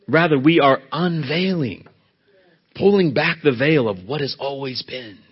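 Emphatic husky male preacher, lo-fi. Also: mid-range voice, a little slow. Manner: emphatic, rising to loud stresses then dropping to a soft hush. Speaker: preacher, church elder. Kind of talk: sermon. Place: church.

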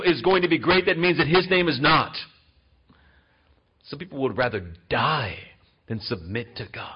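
A male pastor preaches with emphasis, shifting from forceful lines to near-quiet ones. His voice is high and husky. The sound is dull and lo-fi, like a church recording. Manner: emphatic, swinging between loud and soft. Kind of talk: sermon.

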